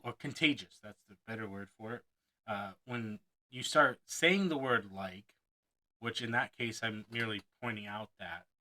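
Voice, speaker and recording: A man reading a performance-advice book aloud with lively expression, stopping now and then to comment on his own slips. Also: mid-range voice, low-quality recording. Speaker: reader of a self-help book on performing.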